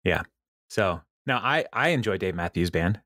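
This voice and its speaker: A man's voice: low-pitched, expressive, normal speed, pushed and bright, no echo, studio quality. Laughing man host retelling an episode. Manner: laughs often, acts out quoted lines. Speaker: podcast host. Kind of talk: casual chat recapping a TV episode.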